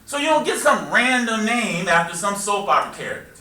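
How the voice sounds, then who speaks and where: High bright preacher guy teaching his flock, echoey and far off mic. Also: fairly quick. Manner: call-and-response preaching, joking, animated. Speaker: minister. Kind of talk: teaching sermon. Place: worship hall with congregation. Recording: echoey room, taped from afar.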